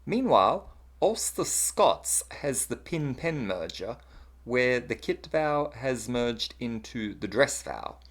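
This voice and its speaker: Lesson narrator, scripted, explains vowels, pitch swings up and down a lot. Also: sing-song, slow.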